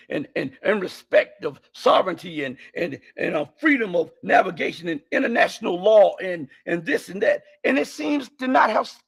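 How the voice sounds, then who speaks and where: Here a man with a very high, husky voice and audible vocal fry gives impassioned political commentary over a live stream. He keeps raising his voice, repeating points and throwing out rhetorical questions in a heated tone.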